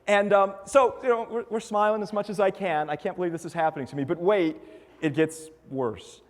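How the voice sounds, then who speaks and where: A man giving a conference talk, telling a story in an animated way and acting out the voices of the people in it. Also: high-pitched, a little fast, big-room sound. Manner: animated, acts out quoted voices. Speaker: conference speaker.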